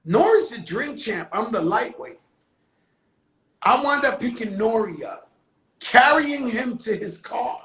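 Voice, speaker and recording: A man hosting his own live stream, telling a story in a casual, animated and profane way, with sudden shouted bursts. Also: extremely high pitch, measured pace, long pauses, reverberant, low-quality recording. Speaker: livestream host telling a story. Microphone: phone on a live stream.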